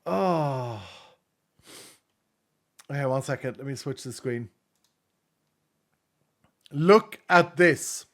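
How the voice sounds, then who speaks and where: A man's voice: medium pitch, takes it slowly, long pauses, fairly bright tone. A man in his late thirties, a streamer chatting casually with viewers and reading their messages, gushing and emotional and laughing often. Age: late 30s.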